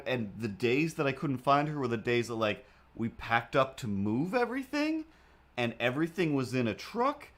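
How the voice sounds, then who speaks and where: A man at a middle pitch, talking in a loose, rambling way as he draws on a live stream. He is playful and animated, and he often breaks into goofy voices. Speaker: streamer drawing comics.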